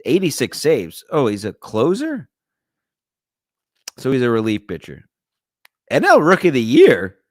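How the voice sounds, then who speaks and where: A man's voice: mid-range voice, wildly swooping pitch, normal speed, long pauses, darkish tone, dry recording, studio quality. Crude rambling male podcast host. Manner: crude, rambling, joking banter with chat. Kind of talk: livestream chat reading.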